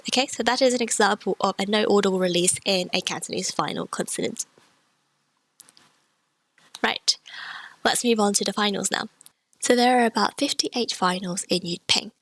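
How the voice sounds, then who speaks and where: A woman's voice: medium pitch, gravelly, a bit bright, no room sound. A woman teaching a beginner Cantonese pronunciation lesson, explaining patiently step by step. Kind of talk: language lesson.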